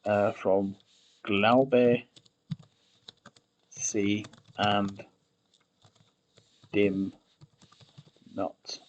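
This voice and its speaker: A man with a fairly low voice talks through his work at an unhurried, drawn-out pace. He mutters, trails off and repeats words under his breath as he tries them out, typing as he thinks aloud on a stream. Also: fairly even intonation, muffled recording, slight background noise. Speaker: conlang streamer.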